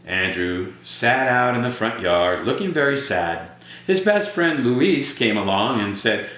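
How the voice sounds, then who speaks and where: A man reading a picture book aloud to children, animated and asking his young listeners questions. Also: medium pitch, a little slow. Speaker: storytime reader. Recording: very echoey room.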